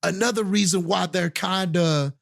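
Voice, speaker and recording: Gravelly man chatting about a movie. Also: high-pitched, fairly even intonation, moderate pace, a bit bright. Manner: conversational, says "you know what I mean" and "dude". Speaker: podcast co-host. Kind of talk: casual movie review chat.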